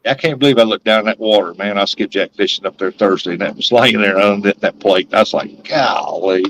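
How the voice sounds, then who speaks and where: A man's voice: fairly low pitch, a little fast, fairly bright tone, a little hiss or hum, poor audio. A man hosting a live stream, rambling casually and laughing often. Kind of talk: casual chat.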